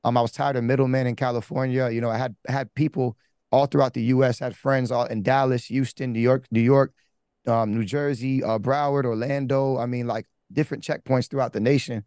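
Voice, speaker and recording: A man's voice: medium pitch, steady tone, a little fast, a little mellow, smooth, no echo. Man telling his testimony, dry sound. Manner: rambling, with many restarts and fillers; casual slangy delivery. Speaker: pastor giving his testimony. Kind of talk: candid personal testimony.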